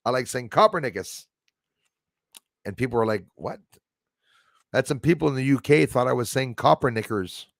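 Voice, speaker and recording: A man's voice: mid-range voice, quick pace, gravelly, hardly any pauses, no echo, clean studio sound. A man hosting a casual livestream, chatting with viewers by name and often stumbling over his words. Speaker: livestream host reading chat.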